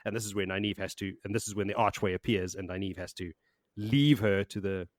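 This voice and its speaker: A man's voice: deep voice, fairly quick, dry recording, studio quality. A man hosting a podcast, chatting casually and rambling as he recaps a book, laughing and swearing now and then. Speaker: podcast host.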